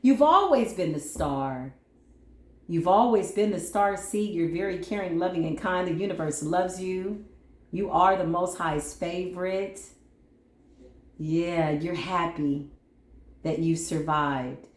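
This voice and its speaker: A woman giving a spiritual tarot reading in a vlog, animated and slangy with casual swearing, now and then breaking into sung bits. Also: on the low side, slow pace, roomy sound. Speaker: tarot reader.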